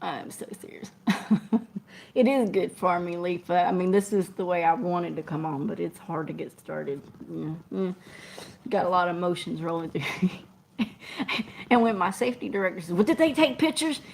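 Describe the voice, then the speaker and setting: A woman's voice: on the low side, moderate pace, vocal fry, long pauses, slight background noise. A middle-aged woman, telling a story in casual chat and laughing often as she acts out what people said. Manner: animated, laughing often, acting out quotes. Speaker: truck driver and show host. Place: truck cab.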